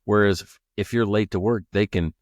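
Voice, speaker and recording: Podcast co-host, male, lowish voice, casual storyteller who laughs a lot and restarts sentences, dry close mic. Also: steady tone, fairly quick, dry recording. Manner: laughs often, stammers and restarts, acts out quoted people. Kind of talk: casual chat.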